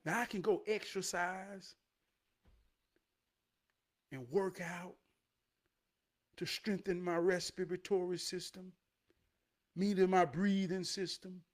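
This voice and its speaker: Very high-voiced man preaching streetwise motivation. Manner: streetwise, profane, building to shouted emphasis; repeats phrases for effect, drawn-out delivery. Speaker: motivational speaker.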